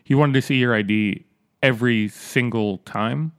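A man's voice: medium pitch, normal speed, clear, resonant tone, dry recording. A man co-hosting a casual podcast, telling an anecdote in a dry, laid-back way with some hesitations. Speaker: podcast co-host. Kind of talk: casual chat.

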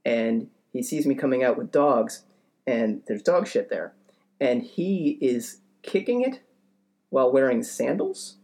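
A young man spins a comedic anecdote in casual podcast chat, his mid-range voice gravelly with fry. He rambles and hesitates, stacking fillers and self-deprecating asides as he goes. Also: medium pitch, expressive, measured pace, darkish tone. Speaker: podcast co-host telling a story.

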